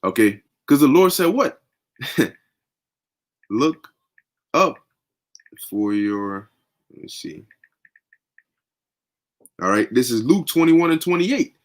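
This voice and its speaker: A man's voice: mid-range voice, sing-song, slow, long pauses. A young man teaching scripture in a fervent, conversational way, often tagging sentences with "man" and "okay". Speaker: preacher.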